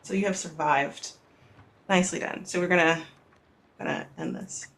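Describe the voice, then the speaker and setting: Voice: mid-range voice, steady tone, normal speed, fairly bright tone. A game master narrating a tabletop game in a loose, rambling way with many fillers.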